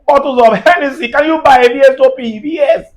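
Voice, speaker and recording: Nigerian male comedian, very high voice, heated preachy rant with self-amused laughs. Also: fairly quick, poor audio. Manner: heated, preachy, laughing at his own jabs.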